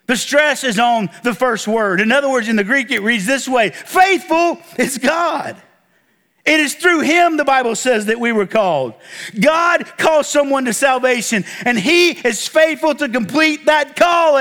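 A man's voice: extremely high pitch, pushed and bright. A man preaching a sermon to his church, drawing call-and-response from the congregation and stressing points with emphatic exclamations. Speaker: pastor.

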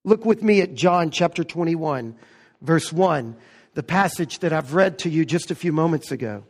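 A man preaching a sermon as pastor, stressing key words slowly and with emphasis. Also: on the high side, animated, big-room sound.

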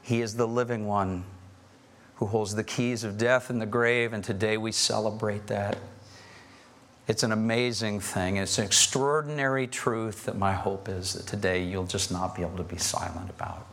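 Pastor guy in church, earnest, goes from soft prayer to loud preaching. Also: fairly low pitch, fairly even intonation, normal speed. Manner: earnest, swings between hushed prayer and emphatic preaching. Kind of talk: sermon and prayer. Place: church sanctuary.

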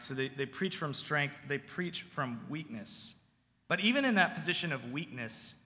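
Pastor, male; casual sermon delivery that drops from loud to near-quiet; bright tone, reverberant hall. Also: fairly high pitch. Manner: conversational preaching, swings from loud to hushed.

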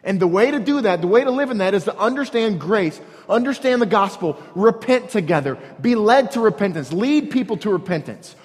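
A man preaches with a fairly high voice, driving his points home through repetition and pointed rhetorical questions. His words ring out with the long reverb of a large hall, as in a church sanctuary. The delivery is earnest and steady. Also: brisk, few pauses. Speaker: pastor. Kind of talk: sermon.

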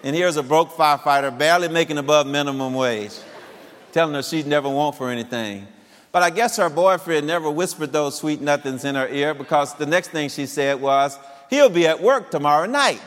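A man in his fifties tells a personal story in a lively way, laughing often as he goes. His voice sits fairly high for a man. The sound carries a long hall reverb. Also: fairly quick. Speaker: speaker addressing singles.

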